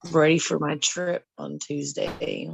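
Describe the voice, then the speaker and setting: Gravelly-voiced woman chatting casually. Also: low-pitched, slow pace, no echo. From Tennessee. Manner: excitable, swears freely. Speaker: channel regular. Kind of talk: casual group chat.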